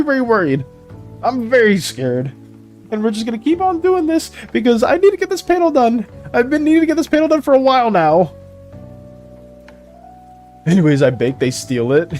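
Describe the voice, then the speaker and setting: A man chatting casually on an art live stream, excitable and dramatic, laughing often. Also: very high voice. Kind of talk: casual live-stream chat while drawing.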